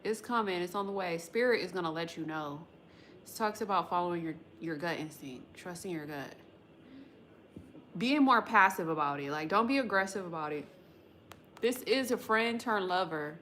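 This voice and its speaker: A woman's voice: lowish voice, lively intonation, normal speed, a bit bright, slight background noise. A woman hosting a tarot livestream, chatting loosely with viewers in a slangy, rambling way and swearing casually. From West Coast of the United States. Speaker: tarot reader livestream host.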